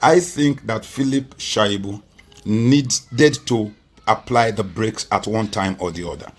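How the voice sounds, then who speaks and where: A man's voice: on the low side, takes it slowly. A Nigerian man speaking as a political guest on a TV interview, making emphatic points with rhetorical repetition. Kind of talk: TV interview commentary.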